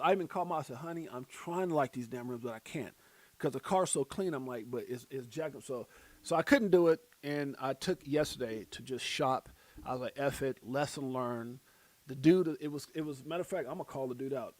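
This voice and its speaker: A man's voice: mid-range voice, darkish tone. A middle-aged man rambling through a casual livestream chat, telling stories with lots of fillers. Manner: rambling, many fillers, tells anecdotes. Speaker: crypto livestream host. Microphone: phone and smart glasses.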